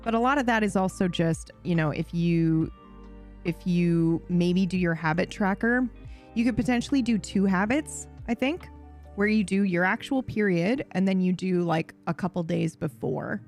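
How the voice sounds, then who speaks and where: A woman's voice: fairly low pitch, normal speed. Chatty young woman streamer, faint music. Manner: chatty, swears freely, animated and giggly. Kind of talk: casual chat.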